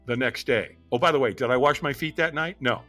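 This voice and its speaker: This middle-aged man, a guest on a podcast, speaks at medium pitch with a brisk pace and sharp tone while faint music plays behind him. He tells a personal story dramatically, acting out the voices of the people involved.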